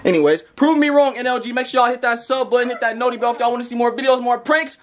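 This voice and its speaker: A young man hosting a prank vlog, hyped and laughing as he calms everyone down. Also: extremely high pitch, fast talker. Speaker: YouTube prankster host. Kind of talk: casual vlog chat.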